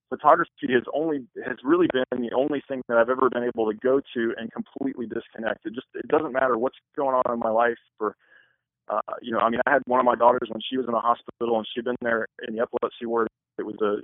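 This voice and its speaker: A man's voice: medium pitch, no echo. A man on a thin, phone-like line, talking in an earnest, rambling way. He answers interview questions casually as a wedding photographer. The sound is dry and close, with no room around it.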